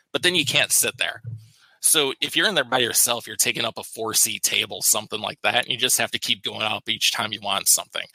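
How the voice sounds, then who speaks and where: A man co-hosting a podcast, chatting casually and telling stories, quick to laugh. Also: lowish voice, sharp tone, no room sound, poor audio. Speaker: podcast co-host. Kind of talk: casual chat.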